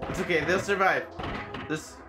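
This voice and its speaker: A gamer giving casual, excitable commentary while playing, joking around and swearing freely. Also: medium pitch, moderate pace. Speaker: let's play gamer. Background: game music.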